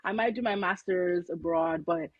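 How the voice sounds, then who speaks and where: A young woman from Nigeria, chatting as an interview guest, talking in a lively way with lots of "like"s. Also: lowish voice, normal speed, slightly rough, no room sound, muffled recording. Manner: chatty, animated, filler-heavy with many "like"s. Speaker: guest, company founder. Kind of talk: casual interview conversation.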